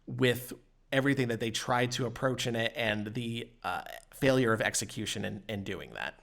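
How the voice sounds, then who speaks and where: A man hosting a video game podcast, briskly steering the conversation between guests. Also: mid-range voice, gravelly, fairly bright tone. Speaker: podcast host. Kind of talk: casual chat.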